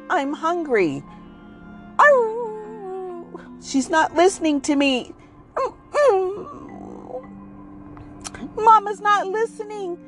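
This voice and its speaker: A sassy little dog with a much higher voice, yapping shrill barks between fed-up complaints, as a woman puts her on. She snaps and sulks, with quick jumps in pitch. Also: a bit bright, heavily acted. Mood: annoyed. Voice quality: high yappy barks. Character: cranky small female pet dog, sassy.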